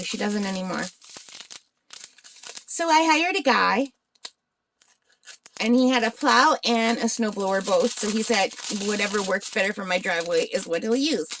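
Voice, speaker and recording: A woman's voice: medium pitch, creaky, slight background noise. A woman in her forties from northern Ontario, Canada, chatting casually and rambling while she works on a craft. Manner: chatty, rambling, asks viewers questions. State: hiccups. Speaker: crafting channel host.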